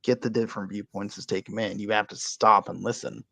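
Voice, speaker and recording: Gravelly-voiced man in a podcast chat. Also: on the low side, flat delivery, brisk, fairly bright tone, no echo. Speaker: caller. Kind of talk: casual chat.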